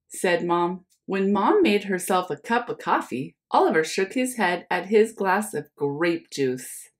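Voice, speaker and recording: A young woman teacher reads a picture book aloud to children, friendly and calling them her friends. She speaks slowly, with a lively, sing-song rise and fall. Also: on the low side. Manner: friendly, addresses listeners as friends.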